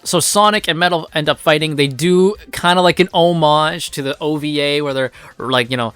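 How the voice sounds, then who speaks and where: A man's voice: fairly high pitch, moderate pace, a bit bright, smooth, dry recording, soft background music. A man giving a rambling, profane, casual recap of a comic, full of filler words. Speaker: comic reviewer.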